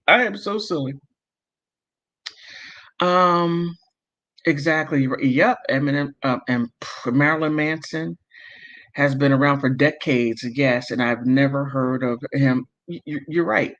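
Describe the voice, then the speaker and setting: Male streamer, slightly high voice, slow heated delivery, dull lo-fi audio. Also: a bit bright. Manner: emotional, heated, self-interrupting and apologetic. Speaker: livestream host. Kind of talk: casual livestream commentary, reading chat comments.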